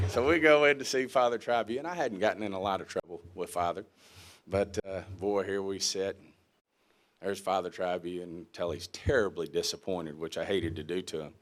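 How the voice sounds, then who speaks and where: A man, a guest speaker telling a folksy, animated story, acting out the quotes and laughing along. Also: sits low, moderate pace. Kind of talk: storytelling speech.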